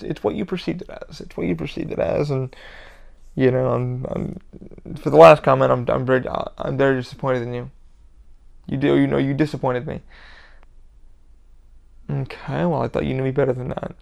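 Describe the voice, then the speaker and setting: Male solo podcaster, gravelly voice, profane and rambling, passionate and blunt. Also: mid-range voice, a little mellow. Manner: heavy swearing, rambling and emphatic. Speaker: podcast host. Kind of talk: casual solo podcast rant.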